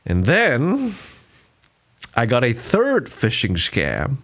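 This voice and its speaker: A man's voice: mid-range voice, huge pitch swings, takes it slowly, fairly bright tone. A man, hosting a casual solo podcast, rambling with lots of fillers and restarts. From Singapore. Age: 20s. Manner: rambling, frequent fillers and restarts, laughs often. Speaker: podcast host.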